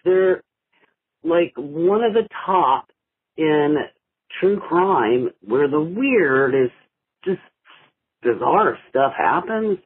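An older man from Ohio leaving a laid-back, rambling voicemail, full of drawn-out uhs and small laughs. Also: on the high side, animated, husky, no room sound, narrow, tinny audio. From Ohio, USA. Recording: phone voicemail.

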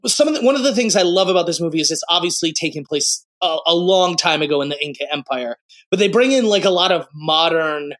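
Podcast co-host, man in his late twenties, bright and high, animated. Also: quick pace. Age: 20s. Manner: animated, acts out quotes in raised voices. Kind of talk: casual movie chat.

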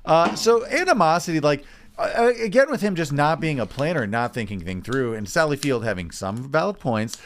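A man's voice: on the high side, sing-song, normal speed, a little hiss or hum. A man co-hosting a casual podcast chat, talking in long rambling runs full of fillers. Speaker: podcast co-host.

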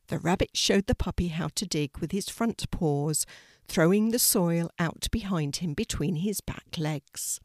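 An older woman narrating a children's story in a gentle, slow, soothing reading style. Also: lowish voice, dry recording, studio quality.

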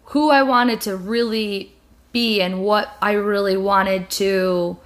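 A woman's voice: medium pitch, steady tone, takes it slowly. Candid young woman chatting loosely. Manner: candid, rambling with many fillers and restarts. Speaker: video creator and podcast host. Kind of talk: casual chat.

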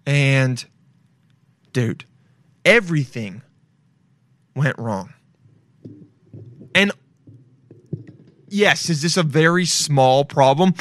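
A young man hosting a casual solo podcast, rambling and cursing freely. His voice sits a little high for a man and jumps into loud yelps. The sound is dry and close, with no room echo. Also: expressive, drawn-out words, long pauses. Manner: swearing, rambling, loud swings into yelling. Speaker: podcast host.

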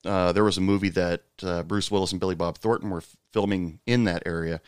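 A man chatting casually about his bartending days, pausing often with fillers. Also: deep voice, steady tone, clean tone, no room sound, studio quality. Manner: hesitant, many fillers, laughs easily. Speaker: former bartender. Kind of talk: casual chat.

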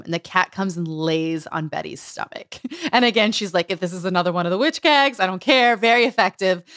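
A woman's voice: on the low side, fairly bright tone, dry recording, studio quality. Chatty woman podcast host. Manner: chatty, lots of "like", laughs often. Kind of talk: casual book chat.

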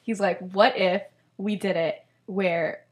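A woman's voice: medium pitch, steady tone, slow. Chatty young woman retelling a story. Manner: chatty, laughing often, heavy use of "like". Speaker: podcast host. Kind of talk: casual chat, retelling a fan story.

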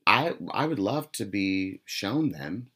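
A man's voice: on the low side, sing-song, takes it slowly, sharp tone. A man co-hosting a podcast in casual chat, blunt and sassy with some swearing. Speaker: podcast co-host.

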